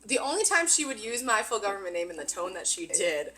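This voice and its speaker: A woman in her twenties, co-hosting a casual chat, adding quick, expressive remarks to a shared story. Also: medium pitch. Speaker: podcast co-host.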